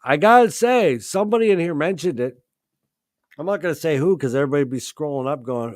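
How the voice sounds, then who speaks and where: A man hosting a live stream, talking excitedly about his favourite rock albums, swearing freely and often restarting his sentences. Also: medium pitch, brisk, no room sound, studio quality. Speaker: host. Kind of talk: live-stream music chat.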